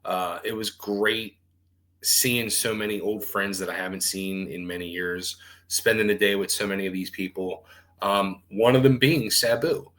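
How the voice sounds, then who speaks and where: A man's voice: lowish voice, normal speed, low-quality recording. A middle-aged man telling stories as a guest on a talk show, swearing freely and acting out what others said. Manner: animated, swears freely, acts out quotes. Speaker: guest, former wrestler. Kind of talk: casual storytelling.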